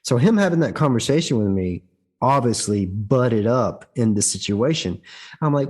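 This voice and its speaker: A man's voice: mid-range voice, animated, normal speed, a little mellow, breathy edge. A man, a guest actor, telling his story in conversation, restarting his sentences often and turning emphatic and heated. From United States. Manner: frequent restarts and repeated words; emphatic, heated when recounting conflict.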